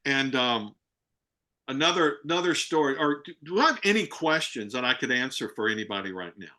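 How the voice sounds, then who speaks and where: Animated bright-voiced man telling stories. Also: mid-range voice, brisk. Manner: animated storyteller, acts out dialogue, many restarts. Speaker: guest speaker, real estate broker. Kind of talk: storytelling on a group video call. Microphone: video call.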